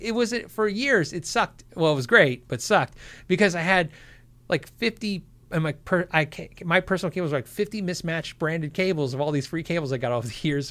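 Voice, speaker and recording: Middle-aged male host, casual livestream chat, high lively voice, quick to laugh. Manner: animated, laughs often, acts out quotes. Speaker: livestream host answering viewer questions.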